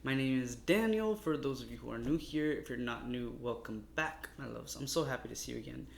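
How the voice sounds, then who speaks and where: A man's voice: medium pitch, a little fast, creaky. A man giving a casual, meandering tarot reading, talking straight to his viewers and sounding a little exasperated. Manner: chatty, meandering, addresses viewers warmly as loves. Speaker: tarot reader. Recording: echoey room with faint noise.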